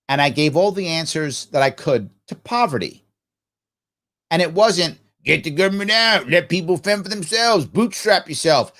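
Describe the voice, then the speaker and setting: A middle-aged man hosting a live ask-me-anything stream, answering viewer comments in an animated, preachy way and acting out little imagined dialogues. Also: medium pitch. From New York. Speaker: livestream Q&A host.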